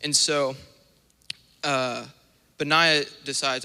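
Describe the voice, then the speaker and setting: Young male minister, sermon, bright ringing voice, animated storyteller, long church reverb. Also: fairly high pitch, moderate pace. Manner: animated storytelling with acted-out asides. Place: church sanctuary.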